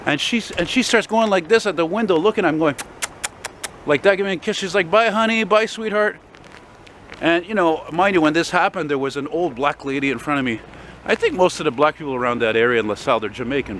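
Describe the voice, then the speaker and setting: A man with a fairly high, fairly bright voice is vlogging as he walks through snowy city streets. Holding his camera, he tells a rambling story peppered with profanity while faint city traffic sounds in the background.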